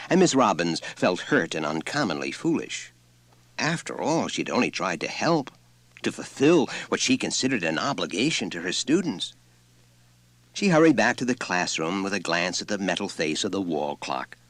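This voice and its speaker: A man narrating a story in an expressive, lively reading. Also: low-pitched, normal speed, dry recording. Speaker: audiobook narrator.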